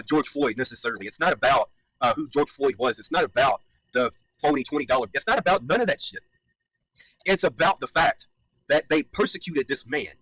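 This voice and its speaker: A man's voice: on the high side, a bit bright, no room sound, low-quality recording. A man giving heated, emphatic commentary, repeating his points and swearing as he argues. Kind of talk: reaction commentary.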